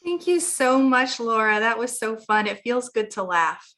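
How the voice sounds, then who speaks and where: A woman's voice: fairly high pitch, big pitch swings, unhurried, fairly bright tone. A woman moderating an online symposium, friendly, thanking one speaker and reading the next one's introduction. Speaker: event moderator. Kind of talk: hosting a webinar.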